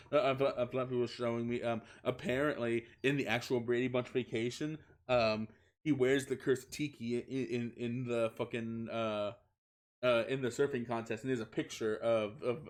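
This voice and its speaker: A man's voice: medium pitch, steady tone, moderate pace. A young man streaming a comic reading of fan fiction, giggling, stumbling over words and swearing in asides.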